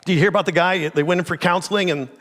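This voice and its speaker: Conversational pastor in a reverberant church. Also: male voice, high voice, fairly even intonation, racing. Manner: conversational, asks the congregation many questions, drops to a quiet intense voice. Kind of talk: sermon. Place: church sanctuary.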